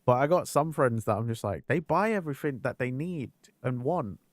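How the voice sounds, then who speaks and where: A man's voice: mid-range voice, lively intonation, normal speed, no echo, studio quality. A man streaming a game and chatting casually with viewers, talking candidly, swearing freely and laughing at himself. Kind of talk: casual live-stream chat over gameplay.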